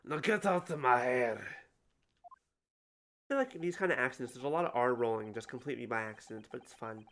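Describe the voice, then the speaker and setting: Gaming streamer, sarcastic commentary, lively pitch, heavy swearing. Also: a little fast. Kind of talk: casual gaming livestream commentary.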